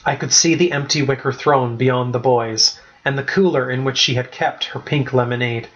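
A man reading a chapter-book story aloud as a first-person narrator, with a steady, even-paced delivery. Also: medium pitch, moderate pace, lo-fi sound. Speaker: audiobook narrator.

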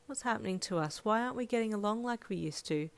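A woman voicing a teenage girl who is giggly and warm but turns sarcastic when hurt. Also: medium pitch, lively intonation, fast talker, gravelly, voice pushed up. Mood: soft, tearful. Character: teenage girl listener-heroine, warm but sharp-tongued.

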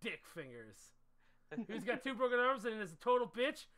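A man streaming a card game with friends, reading cards aloud, swearing and laughing loudly. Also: very high-pitched, sing-song, moderate pace. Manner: loud, laughing, swears a lot. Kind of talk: casual game chat.

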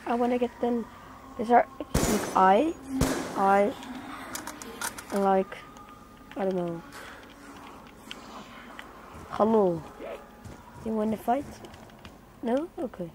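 A woman's voice: fairly high pitch, takes it slowly, pauses often. A young woman who is not a native English speaker gives casual commentary on her gameplay. She chats along and breaks into startled exclamations. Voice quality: chatty, bursts into startled exclamations. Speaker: gaming channel host. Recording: noisy home game recording.

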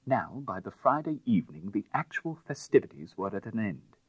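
A man narrating a classic tale as an audiobook in a measured, expressive way. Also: fairly low pitch, husky, no room sound, muffled recording.

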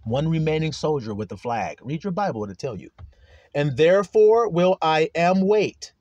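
A man preaching a sermon, reading scripture slowly and stretching the words, then explaining it in blunt, profane street talk. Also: fairly high pitch, lively intonation, darkish tone, dry recording, lo-fi sound.

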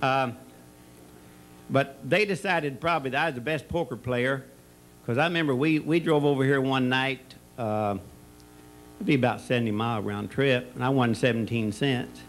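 Speaking at normal speed in his mid-range voice, a man tells rambling, folksy stories at a retirement party held in a party or banquet room, where he is a former school colleague of the honoree. The audio is poor, with slight background noise. He jokes as he goes, restarting often and filling gaps with fillers.

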